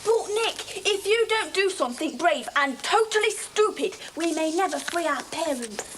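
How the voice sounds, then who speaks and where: A woman voicing a prim, excitable young character, Missus Shuttlecock. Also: very high voice, moderate pace, a little hiss or hum. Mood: plucky. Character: prim plucky female schoolchild, Missus Shuttlecock.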